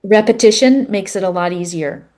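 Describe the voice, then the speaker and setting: A middle-aged woman guest on a podcast, telling a personal story in an earnest, animated way with plenty of fillers. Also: mid-range voice, normal speed. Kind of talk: storytelling in conversation.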